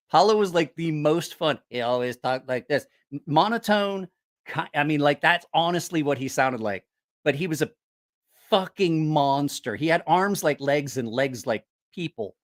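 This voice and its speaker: A man casually telling profane, animated stories, acting out other people's voices. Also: fairly high pitch. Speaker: host. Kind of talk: casual storytelling.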